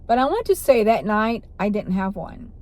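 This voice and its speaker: A woman's voice: mid-range voice, very animated, normal speed, a little mellow. A woman vlogger telling a personal story in a rambling way, with restarts and self-corrections.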